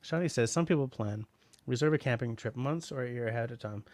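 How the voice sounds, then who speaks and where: A man's voice: medium pitch, fast, a little mellow, dry recording. A middle-aged man from Canada hosting a casual livestream, reading out chat messages and rambling with lots of restarts and fillers.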